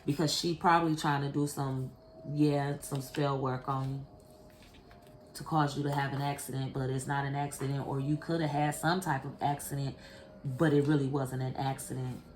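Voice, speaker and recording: A woman with a deep, low voice gives a casual tarot reading and talks bluntly and profanely straight to whoever is listening. She sounds like she is in a bare, echoey room, and a faint hiss sits under her voice. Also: flat delivery, normal speed, a little mellow. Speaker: tarot card reader. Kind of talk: casual spiritual card reading.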